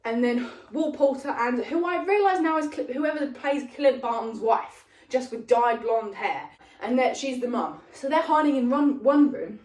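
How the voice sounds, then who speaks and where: Young woman, high-ish voice, chatty rambling retelling, recorded on a phone across an echoey room. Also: normal speed, distant mic. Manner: rambling and animated, with lots of fillers. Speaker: vlogger retelling a film plot. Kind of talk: casual rambling plot retelling. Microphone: phone propped up at a distance. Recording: roomy, voice off the phone mic.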